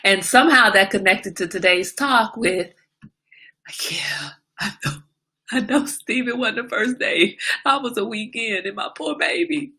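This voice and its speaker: Bright-voiced woman hosting a live chat. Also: fairly high pitch, measured pace. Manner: animated storyteller, greets viewers and answers comments mid-story. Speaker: livestream host. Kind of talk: casual livestream chat.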